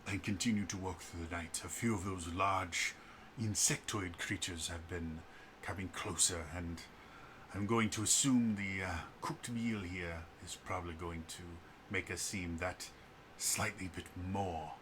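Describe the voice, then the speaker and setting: A man voicing a calm male expedition leader who speaks in a measured, formal way. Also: deep voice, a little hiss or hum.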